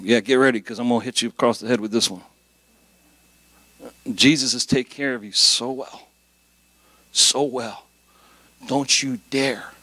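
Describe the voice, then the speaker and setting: Middle-aged male guest pastor, animated conversational preaching, dry close sound. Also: medium pitch, no room sound. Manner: animated, conversational preaching with jokes and rising emphasis. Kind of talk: sermon.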